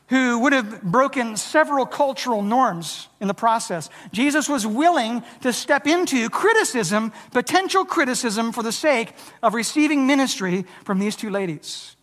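An earnest preacher delivers a sermon, stumbling into quick restarts and acting out quoted lines with a changed voice. The voice rings out through a church sanctuary with a long, trailing reverb. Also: mid-range voice, a bit bright. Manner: earnest, with frequent stammered restarts.

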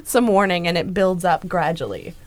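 A woman's voice: on the low side, moderate pace, dry recording. A woman co-hosting a podcast in casual chat, earnest and reassuring, at times exasperated. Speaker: podcast co-host.

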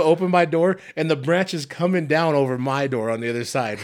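A man's voice: a little high, steady tone, brisk, few pauses. A young man on a podcast, casually telling a long profane story with laughing fits. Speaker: podcast host. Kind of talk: casual chat.

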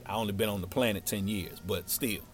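A man telling a story from his childhood in a casual, slangy, animated way. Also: lowish voice, brisk.

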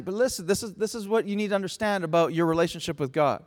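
A male preacher with a high-pitched voice delivers a passionate sermon, dropping to hushed tones and then rising to shouts. His voice rings with a long reverb, as in a large church sanctuary. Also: fast talker.

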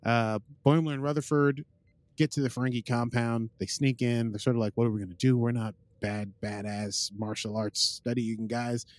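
The speaker is a male podcast host with a medium pitch, steady tone, and moderate pace, captured in a dry recording. He casually rambles through an episode summary, using lots of "uh" and "like" and quoting characters.

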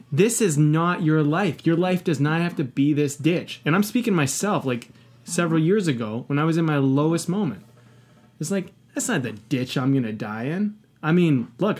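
A man's voice: a little high, slightly rough. A man talking candidly in a podcast conversation, passionate and emphatic, swearing often and reflecting earnestly on his own past.

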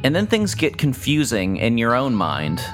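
A man narrating a tabletop role-playing game as game master, relaxed and joking. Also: mid-range voice, normal speed, over music.

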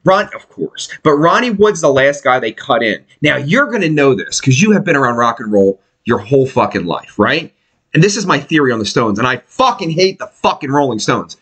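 Animated, profane male podcast host. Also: medium pitch, breathy edge. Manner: animated, profane, quick impressions. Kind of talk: casual profane chat.

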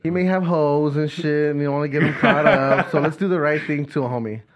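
A man's voice: on the high side, fairly quick. A young man co-hosting a casual podcast, telling rowdy stories full of swearing and laughter. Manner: profane, laughing storyteller. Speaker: podcast co-host. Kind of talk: casual chat.

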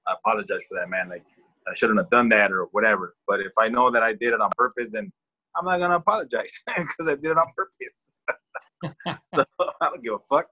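Male co-host, bright tone, blunt and crude, quick to laugh. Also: on the low side, husky, low-quality recording. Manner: blunt, heavily profane, laughs often. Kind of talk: casual podcast chat.

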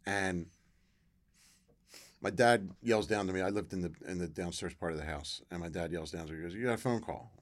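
A middle-aged man, a former football player, telling his story as a guest in a casual interview, acting out quoted voices with bursts of excitement. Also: sits low, a little fast, long pauses.

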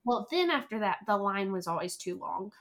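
A woman chatting as a guest, an animated storyteller who acts out quotes. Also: mid-range voice, normal speed. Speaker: podcast guest, travel planner. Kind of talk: casual chat.

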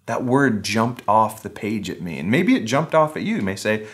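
A man's voice: fairly low pitch, expressive, normal speed, few pauses. A man preaching a casual, conversational sermon online, with wry humor, acting out the voices he quotes. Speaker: pastor.

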